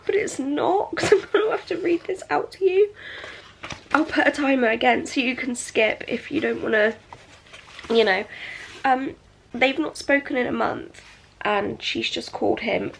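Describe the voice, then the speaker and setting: A woman's voice: high voice, animated, moderate pace, creaky, slight background noise. A young woman chatting casually about books in a reading vlog at home, gushing and full of fillers. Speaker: book vlogger.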